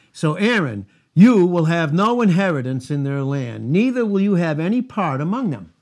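A man's voice: a little high, animated, moderate pace, few pauses, a little mellow. A man preaching a verse-by-verse sermon, reading scripture aloud and breaking off into asides and rhetorical questions. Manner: reads scripture aloud in King James phrasing. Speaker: pastor. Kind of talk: expository sermon.

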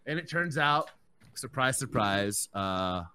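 A man's voice: medium pitch, lively intonation, takes it slowly, bright, forceful tone, smooth. A young man chatting on a podcast, telling a story with lots of swearing and acting out what others said. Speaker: podcast co-host. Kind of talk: casual chat.

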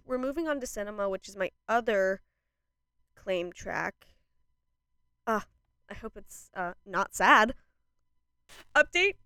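A young woman vlogging a casual reaction to a new album, gushing and laughing, jumping between excited outbursts and quieter asides. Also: medium pitch, smooth, no room sound, studio quality.

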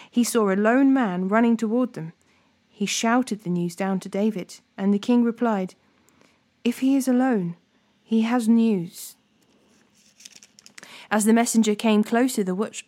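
A woman reading scripture aloud in a steady, deliberate way, with small slips now and then. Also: mid-range voice. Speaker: Bible reading host.

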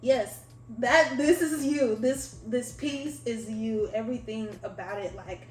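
A woman's voice: a little high, measured pace. Chatty woman podcast host, echoey room. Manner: rambling, animated, heavy use of "like". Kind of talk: casual interview chat. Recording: echoey room, faint music.

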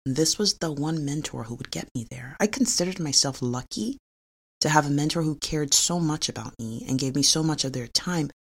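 A woman's voice: low voice, lively intonation, a little fast, slightly rough. A middle-aged woman, a physician and researcher, telling a personal story in an earnest, confessional way with small laughs.

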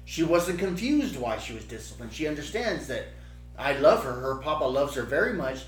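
A middle-aged man telling a story in casual chat, lively and acting out the quotes. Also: on the high side, normal speed, faint music behind. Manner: animated, acts out quotes. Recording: roomy room echo with faint hum.

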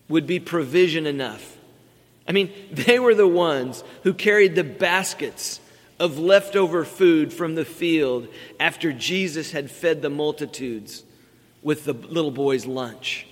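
A middle-aged pastor delivers his sermon in an earnest voice that sits a little high for a man. He leans into key words to drive his points home. His voice rings out with a long reverb, as in a large church sanctuary. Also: unhurried.

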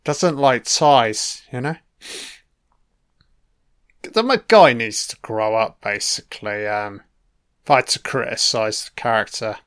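A man's voice: mid-range voice, a little slow, pauses often, a bit bright, clean tone. A young man giving casual, wry film commentary, swearing freely as he reacts to the scenes. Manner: profane, wry running remarks.

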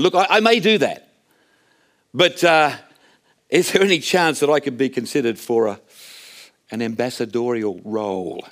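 A man with a mid-range, slightly bright voice preaches a sermon in a conversational, storytelling manner. He often corrects himself, restarting his phrases.

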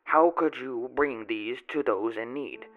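A man's voice: medium pitch, a little slow, narrow, tinny audio, natural voice. Mama Namo, a man doing a scolding older woman. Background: music.

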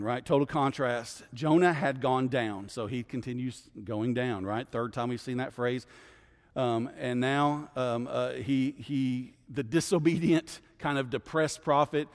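A man's voice: mid-range voice, a little slow. A man, a guest pastor teaching a Bible study in a conversational way, often checking in with his listeners. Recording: long hall reverb.

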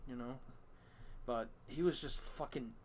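A man's voice: medium pitch, a little slow, darkish tone, slight background noise. A rambling, cursing podcast host man. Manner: rambling, profane, many fillers and restarts. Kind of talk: casual storytelling chat.

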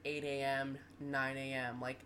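Her voice is very deep and her pace measured as she tells stories on the podcast she co-hosts. In her twenties, she chats casually, animated and quick to laugh, over a faint hiss or hum.

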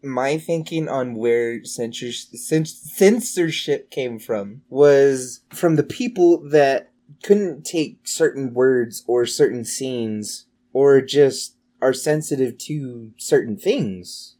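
A podcast co-host in relaxed, casual chat who tells stories in a loose, rambling way and swears now and then. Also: medium pitch, slow.

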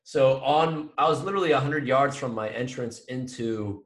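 A man in his twenties, co-hosting a podcast, telling a long story in a lively, animated way and swearing now and then. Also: medium pitch, normal speed, reverberant. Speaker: podcast co-host. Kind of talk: casual chat.

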